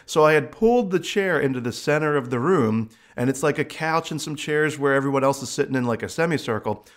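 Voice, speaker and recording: A man's voice: mid-range voice, fairly quick. A middle-aged man, a psychic medium, casually telling funny stories from his work, laughing often and acting out the voices of people and pets. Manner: animated, laughing, acts out quoted voices. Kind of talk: casual storytelling monologue.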